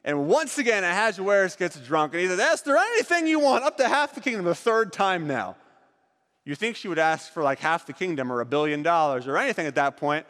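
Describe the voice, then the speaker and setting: A man retelling a Bible story with volunteers, dramatic and swinging from excited to hushed. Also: high-pitched, a little fast. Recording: reverberant hall.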